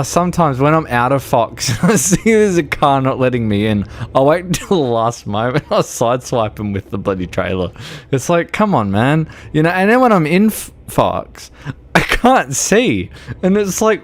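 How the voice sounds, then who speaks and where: A drunk man with an Australian accent, streaming a driving game and chatting in a rambling, sweary way, laughing often. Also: medium pitch. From Melbourne, Australia. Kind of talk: casual chat while playing a driving game.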